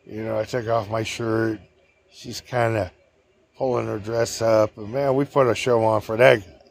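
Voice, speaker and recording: A man's voice: fairly low pitch, fairly even intonation, normal speed, vocal fry. Rambling male storyteller. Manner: chatty, meandering, chuckling. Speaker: vlogger.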